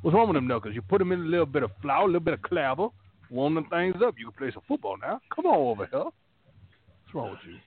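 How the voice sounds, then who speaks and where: A man voicing a gruff old football man with a folksy, scolding drawl. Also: fairly high pitch, very animated, fast, voice pushed up. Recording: phone-like line.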